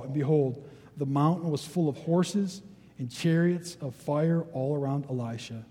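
A male pastor giving a sermon, reading scripture aloud and then retelling it in relaxed, conversational terms. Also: on the high side, breathy edge, in a large hall. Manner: reads scripture, then retells it in casual everyday speech. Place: church sanctuary.

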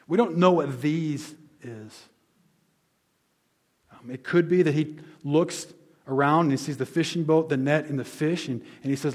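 A man preaching a sermon as pastor, conversational, explaining words and restating them, dropping soft on key lines. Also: a little high, moderate pace.

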